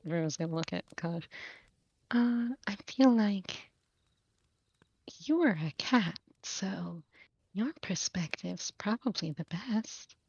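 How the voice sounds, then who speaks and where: A woman takes her turn in a tabletop game, speaking slowly and hesitantly, sometimes dropping to a whisper. Her voice is dry and slightly dull, like a home microphone. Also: medium pitch, expressive, husky, no echo. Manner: soft-spoken, hesitant, slips into whispers. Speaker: player. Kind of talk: casual tabletop role-play.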